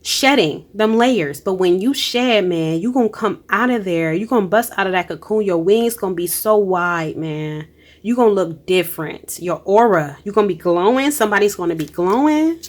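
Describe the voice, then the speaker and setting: A woman of medium pitch reads spiritual cards in a relaxed, tarot-like energy session, her delivery expressive and moderately paced. Emotion runs through her encouraging, emphatic words, which are full of exclamations and everyday phrasing.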